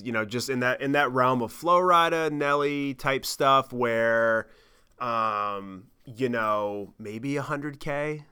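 A man in his thirties telling a travel story on his podcast, animated and rambling, with lots of swearing and fillers. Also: medium pitch, clean tone. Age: 30s. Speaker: podcast host. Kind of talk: casual storytelling monologue.

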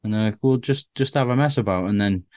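Low-voiced man telling comedy-club stories. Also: fast, darkish tone, no echo. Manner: chatty, self-deprecating, with restarts and acted-out quotes. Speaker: stand-up comedian guest. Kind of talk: casual conversational anecdotes.

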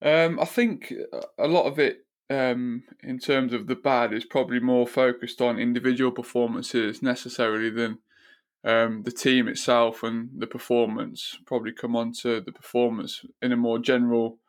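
A man giving casual football analysis on a podcast, measured and hedging with fillers. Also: mid-range voice, level tone. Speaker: podcast regular guest.

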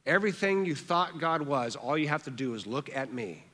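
A man preaching a sermon as pastor, earnest, repeating phrases for emphasis and dropping soft on key words. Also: on the high side, animated, moderate pace, big-room sound.

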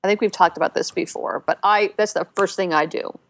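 A woman co-hosting a casual podcast, telling game stories with lots of fillers and restarts, and getting animated when she quotes other players. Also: lowish voice, a little fast, no echo. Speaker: podcast co-host. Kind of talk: casual chat about a video game.

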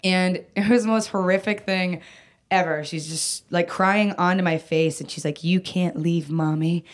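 Low-voiced woman rambling through a story. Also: steady tone, moderate pace. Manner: rambling, heavy use of "like" and "um", frequent restarts; candid, swears casually. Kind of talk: casual storytelling chat.

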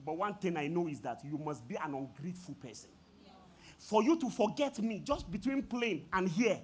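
A man preaching a sermon, telling a story with laughter and sudden shouted peaks. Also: high-pitched, lively intonation, normal speed, slightly rough. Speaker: pastor.

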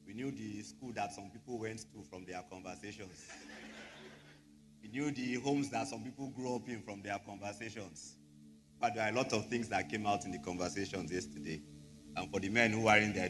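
Nigerian pastor chatting to the congregation, lowish voice, music playing underneath. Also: male voice. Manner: chatty, joking, mixes in Yoruba phrases. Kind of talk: sermon. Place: church hall.

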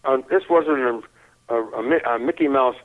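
An older man telling a lively anecdote in an interview, chuckling often and repeating his words as he goes. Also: medium pitch, brisk, soft background music. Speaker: interview guest. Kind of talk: anecdotal storytelling. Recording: tinny phone-like line.

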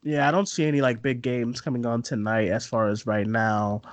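A man's voice: medium pitch, steady tone, moderate pace, no room sound. A man co-hosting a live podcast, chatting casually and animatedly retelling stories with lots of restarts. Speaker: podcast co-host.

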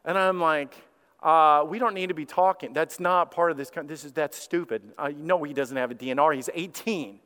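A man's voice: on the high side, brisk, smooth. A middle-aged man preaching as a pastor, telling a story and acting out the voices of the people in it, with frequent repeated words. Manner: animated, acts out quoted voices, repeats words. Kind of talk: sermon storytelling. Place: church sanctuary. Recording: long hall reverb.

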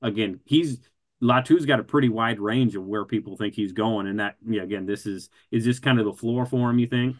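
A man co-hosting a casual football draft talk, measured and methodical, leaning on a habitual filler word. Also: lowish voice. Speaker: football draft analyst co-host.

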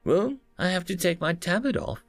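Childlike whining acolyte, played by a male storyteller, bouncing sing-song pitch. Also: expressive, moderate pace, gravelly, no room sound, soft background music. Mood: whiny. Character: sly young male acolyte, childish and whiny.

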